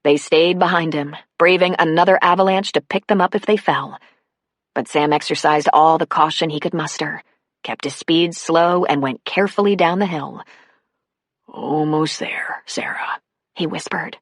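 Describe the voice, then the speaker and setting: A woman narrating an audiobook in a steady, unhurried reading. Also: low voice, dry recording, clean studio sound. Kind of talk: scripted narration.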